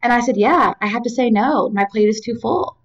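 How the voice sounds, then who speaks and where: A young woman talks through wellness advice in a casual, rambling way, full of little asides and fillers. Her voice sits fairly high. The sound is a bit distant from the mic and slightly dull. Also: a little fast. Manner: chatty and rambling, with many "like" fillers and side notes. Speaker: university staff member giving wellness advice. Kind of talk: casual self-help talk to camera.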